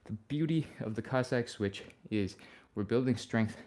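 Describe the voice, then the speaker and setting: A fitness instructor coaches a live flexibility session, his medium-pitched voice moving at a normal speed. He sounds breezy, relaxed, and encouraging, talking through each move with steady, everyday instructions. Audible sighs and breaths slip in between them.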